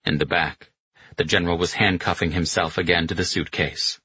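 Deep, husky man narrating slowly. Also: fairly even intonation, sharp tone, no room sound. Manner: measured, dramatic storytelling. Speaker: audiobook narrator. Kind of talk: scripted narration. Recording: slightly muffled dry recording.

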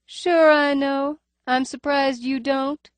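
Woman doing a middle-aged female clerk, nasal, faint lisp, raised pitch, blunt and teasing, audiobook voice. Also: level tone, slow, dry recording. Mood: wary teasing. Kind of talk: audiobook character voice.

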